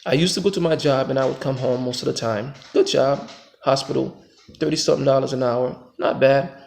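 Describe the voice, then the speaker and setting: American guy with a gravelly voice, pushy motivational pep talk, gets loud then drops low. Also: fairly even intonation, fairly quick. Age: adult father. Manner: emphatic, preachy, swings between loud pushes and low reflective stretches. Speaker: motivational vlogger. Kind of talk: motivational monologue.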